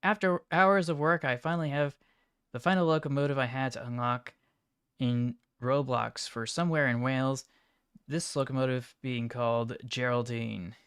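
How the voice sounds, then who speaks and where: A man livestreaming, reacting to chat images in an offhand, mumbling way with sudden excited outbursts. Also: mid-range voice, normal speed, smooth, no room sound, studio quality. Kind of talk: casual live-stream commentary.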